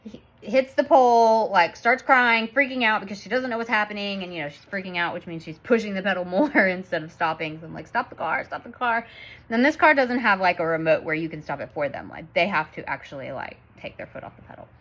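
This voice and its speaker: A woman's voice: medium pitch, fast talker, a bit bright. A woman in her thirties telling a family story in a chatty vlog, laughing often as she talks. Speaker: vlogger and mother.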